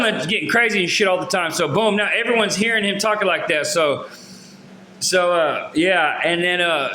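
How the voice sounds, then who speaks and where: Bright, high-voiced man telling a rambling story. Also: slight background noise. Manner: rambling and slangy, many fillers and restarts. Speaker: storyteller recounting his own experiences. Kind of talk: casual storytelling to camera. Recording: roomy echo.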